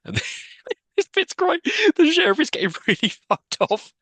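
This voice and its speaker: A man's voice: very high voice, big pitch swings, a little slow, bright, forceful tone, no room sound. A man co-hosting a podcast, casually recapping a film scene by scene and laughing at its lines. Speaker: podcast co-host.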